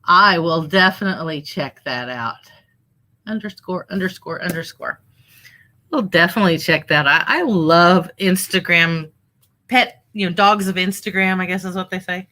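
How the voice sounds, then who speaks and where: A woman's voice: lowish voice, moderate pace, bright, forceful tone. A woman hosting a casual livestream from home, chatting in a rambling way, with fillers and asides to her viewers. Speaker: livestream host and online reseller.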